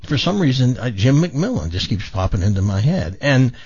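Husky-voiced male radio host. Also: medium pitch, very animated, moderate pace, a little mellow, dry recording, muffled recording. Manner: reflective, rambling with restarts. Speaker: radio talk show host. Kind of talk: casual on-air chat.

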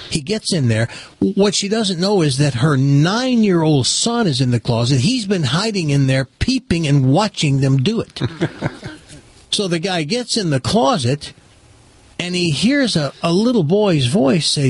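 A man's voice: fairly high pitch, animated, unhurried, a little hiss or hum. A man hosting a talk show, chatting with cohosts and telling a long joke in a sardonic, rambling manner. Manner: chatty, sardonic, stumbles and restarts. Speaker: radio show host.

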